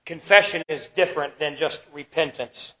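A man preaching a sermon as pastor, swinging between loud emphatic lines and quiet ones, slowing down to stress key words. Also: a little high, low-quality recording. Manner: preaching with dramatic shifts in loudness and pace.

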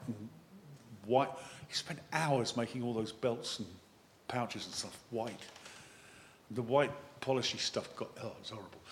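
A man, a vicar, giving a lively sermon that wanders into chatty, self-mocking asides. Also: mid-range voice, slight background noise. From England. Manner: animated, chatty preaching with digressions and self-deprecating asides.

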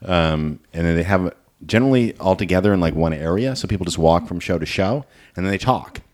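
A man, a guest comedian, explaining things at length in casual podcast chat, filling pauses with "um" and "uh". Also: deep voice, a little mellow.

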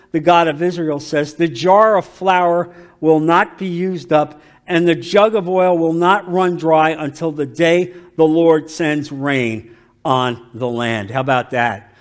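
A man preaching a sermon as pastor, emphatic, moving between loud declarations and quiet asides. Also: fairly high pitch, a little slow.

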